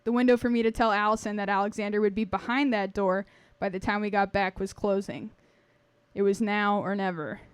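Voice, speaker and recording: A woman's voice: mid-range voice, fairly even intonation, brisk, clear, resonant tone, no echo. A woman reading a personal story aloud to a live audience, wry and earnest.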